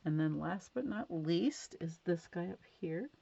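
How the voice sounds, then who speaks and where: A woman with a warm, gravelly voice on the low side, lively intonation and an unhurried pace shows card stamping at her home craft desk. Chatty and full of fillers, she gushes over how her cards come out, captured in a dull lo-fi home recording.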